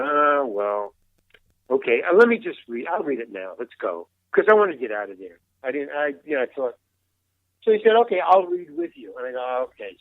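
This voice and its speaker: A man's voice: medium pitch, dry recording. Older male guest, storyteller, restarts often, voices the other people in his tales; thin phone-quality audio. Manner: rambling, restarts, acts out quoted dialogue. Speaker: interview guest, veteran actor. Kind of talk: casual anecdote telling. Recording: tinny phone-like line, dry.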